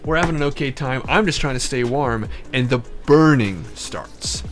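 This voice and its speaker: A man's voice: mid-range voice, normal speed, faint music behind. A man hosting a podcast, telling a long story in a rambling, profane way with digressions.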